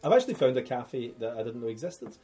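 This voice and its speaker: A man chatting enthusiastically, rambling quickly between points. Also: mid-range voice, big pitch swings, warm tone, soft background music. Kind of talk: casual chat.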